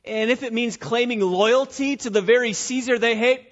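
A man preaches with a high, ringing voice, pressing each point through repetition and rhetorical questions. The recording is dull and lo-fi, like an old church tape. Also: normal speed, hardly any pauses. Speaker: pastor. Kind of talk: expository sermon.

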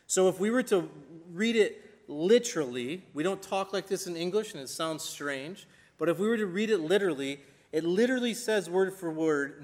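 Emphatic male preacher in a reverberant hall. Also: on the high side. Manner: emphatic, slows down for scripture quotes. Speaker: pastor. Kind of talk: sermon.

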